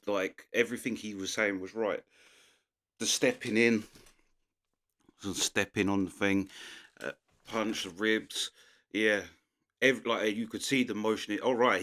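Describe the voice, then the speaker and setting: A man's voice: on the low side, fairly bright tone. An English man hosting a reaction video, chatting loosely and laughing as he comments.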